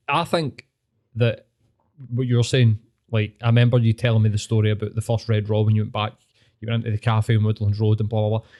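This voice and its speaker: A man with a Glaswegian Scottish accent and a warm, medium-pitched voice appears as a guest on a casual podcast. He talks earnestly and reflectively, swearing and saying "mate" a lot.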